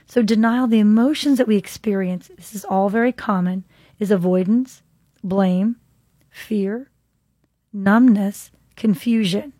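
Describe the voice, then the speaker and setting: A woman hosting a podcast, giving an earnest, reflective talk on trauma and grief and reading scripture slowly. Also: mid-range voice, mellow, husky, dry recording, clean studio sound. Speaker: podcast host and counselor. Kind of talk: faith-based teaching monologue.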